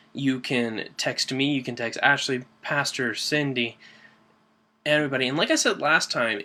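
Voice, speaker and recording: Guy doing a casual church devotional, bright clear voice, earnest and chatty. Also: mid-range voice. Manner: earnest, conversational with fillers and restarts. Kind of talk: informal devotional talk.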